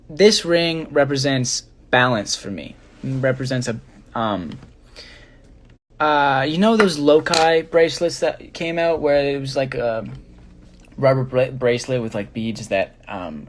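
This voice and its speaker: Slow, rambling young man live-streaming. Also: mid-range voice. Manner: rambling, filler-heavy, relaxed. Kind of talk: casual live-stream chat.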